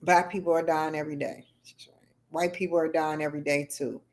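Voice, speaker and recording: A woman's voice: low voice, flat delivery, a little fast, a little mellow. Woman rambling to her livestream chat. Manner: rambling, talks back to chat comments. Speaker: livestream host. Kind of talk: casual livestream chat with viewers.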